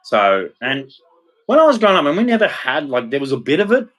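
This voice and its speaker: A man's voice: fairly high pitch, wildly swooping pitch, a little fast, fairly bright tone. An Australian man in his thirties ranting bluntly and heatedly in a casual monologue, swearing freely. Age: 30s. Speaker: vlogger.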